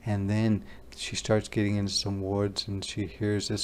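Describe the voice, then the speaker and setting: A man teacher reading a picture book aloud to young children, slow and gentle, asking them questions as he goes. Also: lowish voice, completely flat delivery, clear, resonant tone. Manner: slow, gentle, asks the listener questions, voices animal sounds.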